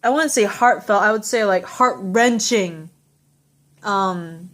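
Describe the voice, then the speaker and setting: A woman's voice: mid-range voice, takes it slowly, a bit bright. A young woman recapping a TV episode in a rambling, heartfelt, casual way, full of fillers and restarts.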